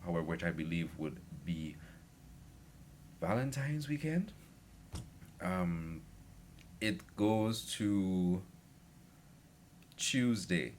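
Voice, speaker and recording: A man's voice: low voice, expressive, very slow, pauses often, slight background noise. A young man rambling through a casual story with lots of fillers. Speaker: vlogger.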